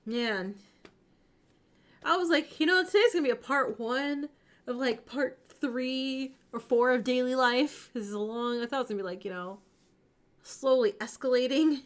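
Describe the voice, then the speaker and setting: A woman streamer reading a visual novel aloud and reacting excitedly, laughing and chatting to her viewers. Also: high-pitched, normal speed.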